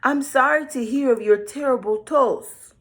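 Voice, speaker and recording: A woman's voice: high voice, measured pace, a bit bright, pitched above the performer's own voice. A woman voicing a sly male wolf in disguise who coaxes in a storybook read-aloud. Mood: coaxing.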